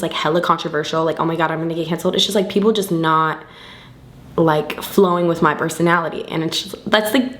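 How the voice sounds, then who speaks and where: Tipsy young woman doing a grwm, lowish voice, swearing a lot, kinda echoey room. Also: a little hiss or hum. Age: young adult. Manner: loose, rambling, heavy swearing, slangy. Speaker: beauty vlogger. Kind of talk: tipsy get-ready-with-me chat.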